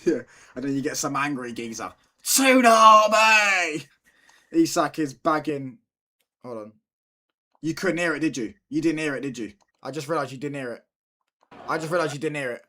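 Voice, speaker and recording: In a mid-range voice, the young man talks fast during his casual football watchalong stream, repeating lines and joking around with chat in slang.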